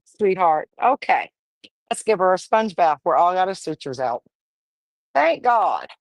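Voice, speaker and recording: A woman's voice: fairly low pitch, big pitch swings, a little slow, dry recording. A woman breeding dogs, casually livestreaming while she firmly coaxes a wriggling puppy, talking in a folksy way. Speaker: dog breeder.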